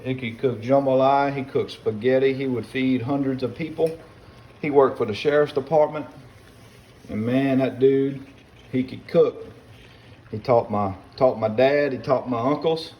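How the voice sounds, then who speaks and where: A man's voice: medium pitch, dull audio. A man chatting casually while he cooks at the stove, rambling and folksy, calling his viewers y'all and son. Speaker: home cook. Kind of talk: casual cooking vlog chat. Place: kitchen, cooking at the stove.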